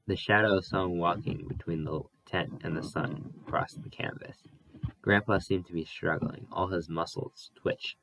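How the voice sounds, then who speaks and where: A man reading a novel aloud as an audiobook, careful and unhurried, with small slips he corrects. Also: low-pitched, fairly even intonation, creaky, bright, forceful tone, a little hiss or hum, low-quality recording. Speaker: audiobook reader. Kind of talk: audiobook narration.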